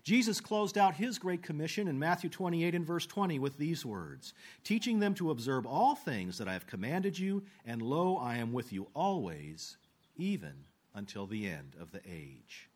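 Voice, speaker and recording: Male preacher, earnest sermon delivery, fairly high voice that swings widely in pitch. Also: sing-song. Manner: earnest, rises then drops low at phrase ends; slows down for quoted scripture.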